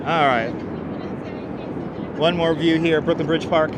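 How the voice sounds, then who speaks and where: A man live-streaming a walk through the city on a clip-on mic, chatty and playful, now and then yelling. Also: on the high side, fairly even intonation, measured pace. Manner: chatty, playful, bursts into loud yelling and sing-song calls. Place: outdoors in a city and in an elevator. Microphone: wireless clip-on mic. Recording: street noise clearly behind.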